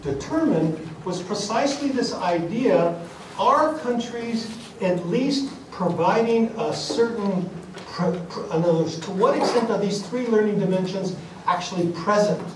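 A man giving an academic conference lecture, speaking deliberately with many fillers and restarts. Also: high-pitched, a little mellow, a little hiss or hum. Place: conference hall. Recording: echoey hall, mic at a distance, faint ambience.

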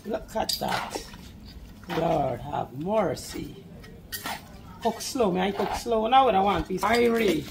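A woman's voice: mid-range voice, animated, takes it slowly, creaky, pauses often, very noisy. A woman with a Guyanese Creole accent, chatting casually to her viewers while cooking at a backyard cookout and coaxing a small child. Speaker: vlogger cooking for guests. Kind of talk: casual cooking vlog chat.

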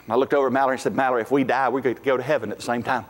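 Folksy pastor preaching in a hall. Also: male voice, medium pitch, fairly even intonation, racing, a little hiss or hum. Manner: folksy, emphatic, rising to shouts at climaxes. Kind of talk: sermon. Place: church sanctuary. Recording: echoey hall with faint music.

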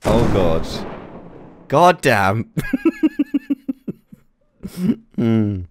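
A man commentating his own gameplay, excited, giggling often and exclaiming at explosions. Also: medium pitch, unhurried, a little hiss or hum. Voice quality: giggly, frequent laughter and exclamations. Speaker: gaming YouTuber.

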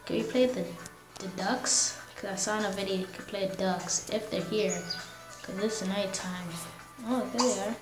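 A woman's voice: medium pitch, moderate pace, echoey room, music in the background, poor audio. A woman giving casual commentary on a life-simulation game, rambling and slangy as she talks to herself and her viewers. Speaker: gamer.

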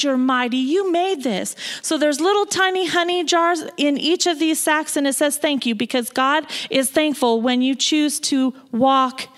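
A woman minister preaching in church in an animated, emotional way. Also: high voice. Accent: Pacific Northwest American. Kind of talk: sermon.

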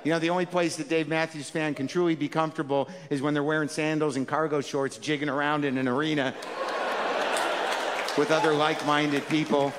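A man's voice: fairly high pitch, level tone, fairly quick, in a large hall, background noise. A man performing a stand-up comedy set, talking conversationally and ranting in mock exasperation.

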